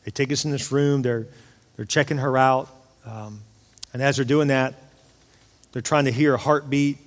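A man's voice: mid-range voice, steady tone, moderate pace. Man preaching in a reverberant church. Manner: personal storytelling, building to emotional intensity. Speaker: pastor. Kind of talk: sermon. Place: church auditorium. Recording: long hall reverb of a church.

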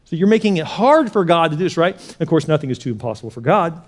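Here a male pastor's sermon moves from hushed asides to lively retellings, with a conversational tone and repeated words. He talks quickly, his pitch leaning high.

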